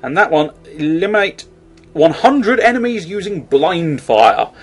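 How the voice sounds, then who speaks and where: A man giving casual video game commentary, rambling with jokey asides and the occasional loud outburst. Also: a little high, big pitch swings, unhurried, husky. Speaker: let's play host.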